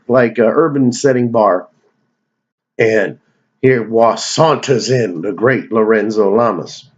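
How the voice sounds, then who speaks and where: A man's voice: lowish voice, dull audio. Rambling, profane male movie vlogger. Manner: digressive, profane, joking. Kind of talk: casual rambling movie rundown.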